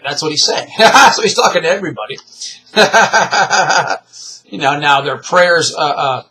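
A middle-aged man giving rambling, animated religious commentary, full of fillers and chuckles. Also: fairly high pitch, measured pace, rough recording. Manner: animated, rambling, laughs often, frequent fillers.

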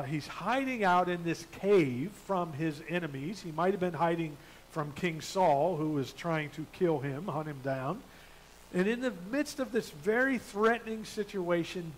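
Pastor, male, high voice, chatty sermon delivery full of restarts. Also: slight background noise, poor audio. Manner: conversational, with many fillers and restarts. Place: church.

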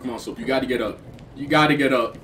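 A man streaming a video game, reacting loudly with swearing and laughter. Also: medium pitch, steady tone, fast, distant mic, background noise. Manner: loud, profane, laughing reactions. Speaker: gaming streamer. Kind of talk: let's play commentary.

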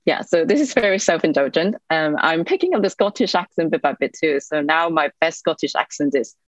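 Woman w/ local doing a poetry reading, low voice, dry close sound, lots of ums in between. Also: expressive, no echo, lo-fi sound. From Hong Kong. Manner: measured recital, hesitant "um" fillers when chatting. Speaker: poet. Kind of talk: poetry reading with short spoken introductions.

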